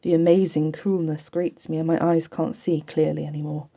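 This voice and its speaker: Woman audiobook reader, low mellow voice, earnest even novel reading. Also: normal speed. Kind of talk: novel read aloud.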